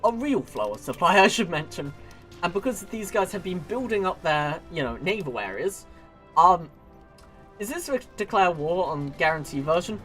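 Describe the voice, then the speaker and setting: Guy streaming a strategy game, bit high voice, rambly and giggly, cuts himself off a lot, faint music behind. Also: very animated, moderate pace, a bit bright. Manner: rambling, self-interrupting, giggly. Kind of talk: casual gameplay commentary.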